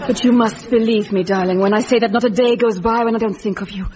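An actress playing a melodramatic woman reunited with an old flame, slipping into deadpan asides, in a radio comedy. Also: fairly high pitch, fast talker, some chatter behind, close to an everyday voice. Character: dramatic woman returning to a lost lover. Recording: muffled recording with hiss.

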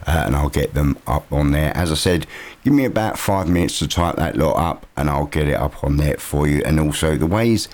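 A very deep-voiced man hosts a morning radio show from the studio. He talks in a relaxed, chatty way, dropping frequent "uh"s as he goes. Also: moderate pace. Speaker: radio presenter. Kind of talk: casual local radio chat.

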